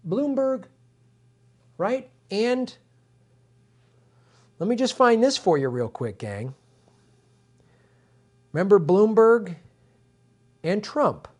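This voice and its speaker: A man's voice: sits high, darkish tone. A middle-aged man hosting a political live stream, ranting furiously at viewers with heavy profanity and lots of repetition. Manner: profane and furious, repeats himself, addresses viewers directly.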